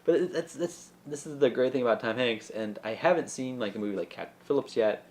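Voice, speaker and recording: A man co-hosting a podcast, chatting casually and joking about a movie in a rambling, expressive way. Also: medium pitch, fast talker. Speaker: podcast co-host.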